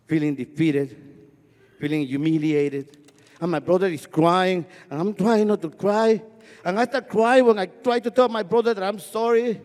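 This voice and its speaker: A high, mellow male voice, telling a personal story on a festival stage. He builds rhythm through repetition and has a stutter. A long hall reverb hangs behind each line. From Guatemala. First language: Spanish.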